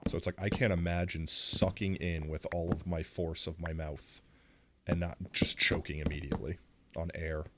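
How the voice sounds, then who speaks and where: Low-voiced man streaming with a sore throat. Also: flat delivery, moderate pace, very noisy. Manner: rambling, self-deprecating, reacts loudly. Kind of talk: casual live-stream chat while gaming. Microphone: close-up streaming mic.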